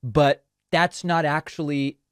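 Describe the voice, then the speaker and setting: A man's voice: a little high, steady tone, slow pace, clean tone, no echo. Sardonic male host commenting on clips. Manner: sardonic, dry. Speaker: show host. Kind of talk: news commentary over clips.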